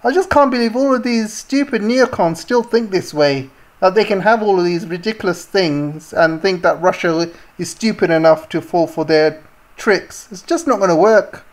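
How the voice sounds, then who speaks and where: A woman's voice: mid-range voice, moderate pace. A woman vlogger giving scornful, indignant political commentary, with many fillers and restarts. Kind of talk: ranting commentary.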